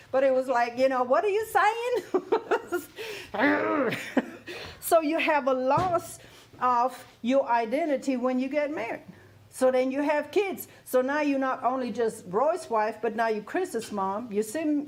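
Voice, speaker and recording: A woman's voice: high-pitched, darkish tone. A woman in her fifties, from Germany, telling personal stories candidly on a talk show, laughing often and checking that she is understood. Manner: candid, laughing, repeats "you hear what I'm saying".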